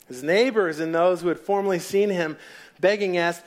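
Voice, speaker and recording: A man's voice: high voice, normal speed. A man preaching a sermon in a casual storytelling way, acting out the people in the story. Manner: casual storytelling, acts out voices.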